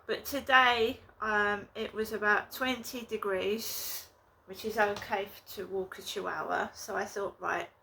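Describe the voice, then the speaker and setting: A woman talking casually to her viewers in a rambling, indignant way, recording a vlog in her flat. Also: mid-range voice, measured pace, creaky, slight background noise. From England. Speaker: vlogger. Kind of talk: casual vlog talk to camera.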